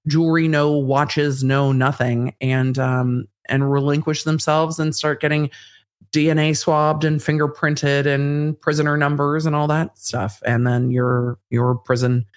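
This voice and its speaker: A woman legal commentator giving analysis as an interview guest, measured and thinking aloud with fillers. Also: low voice, flat delivery.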